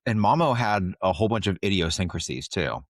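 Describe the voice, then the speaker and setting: A man from Ohio hosting a podcast, asking questions in a halting way as he searches for how to phrase them. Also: low-pitched, lively intonation, dry recording, studio quality. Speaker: podcast host. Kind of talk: casual interview conversation.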